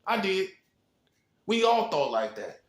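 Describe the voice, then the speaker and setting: A man with a high voice preaches straight to camera, firing one rhetorical question after another. He hammers each point with a short "boom" and chuckles at his own lines. The sound bounces around a bare, echoey apartment room. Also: big pitch swings. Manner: rhetorical, fast-talking, punctuates points with "boom". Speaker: self-styled prophet.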